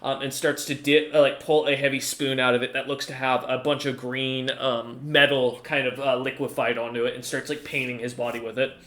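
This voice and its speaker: Rambling game master with a bright voice. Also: male voice, medium pitch, little pitch movement, fairly quick, hardly any pauses. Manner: rambling, lots of fillers. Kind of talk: narrating a tabletop game.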